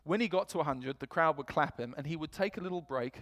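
A man's voice: fairly high pitch, quick pace. A man preaching a sermon in a church, telling stories and acting out quotes with energy. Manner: storytelling, animated quotes.

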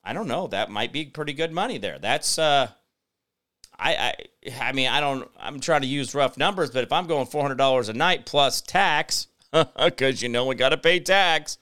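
A man's voice: mid-range voice, animated, moderate pace, pushed and bright. A middle-aged American man hosting a solo political commentary show, rambling with sarcastic, mock-innocent asides. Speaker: host.

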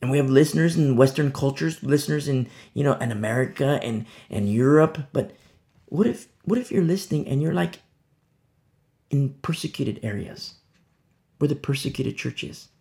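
Gravelly male preacher, emphatic. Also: medium pitch, expressive, moderate pace. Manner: emphatic, rhetorical questions; swings between loud and hushed. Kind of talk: sermon.

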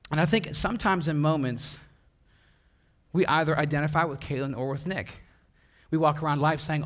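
A man's voice: a little high, normal speed. A young man from Wisconsin preaching a casual sermon, telling stories with laughter and acting out the people in them. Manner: animated, laughing, acts out voices of people in his stories. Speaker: pastor. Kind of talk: sermon with storytelling.

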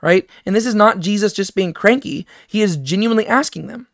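A man's voice: high-pitched, a little fast, hardly any pauses, a bit bright, no room sound, studio quality. A man teaching a Bible study in a casual, conversational way, often checking in with "right?". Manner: conversational, keeps asking "right?".

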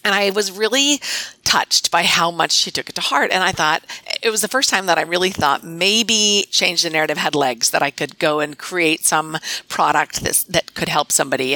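A woman's voice: on the low side, bright, forceful tone, no room sound. A middle-aged woman, a veterinarian, telling stories in a casual podcast conversation with many restarts. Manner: chatty, storytelling with many restarts. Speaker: veterinarian and guest.

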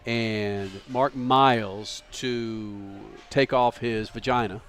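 A man's voice: medium pitch, steady tone, slow, a bit bright. A man who hosts a motorsport talk show, ranting crudely and with heat in a casual podcast chat.

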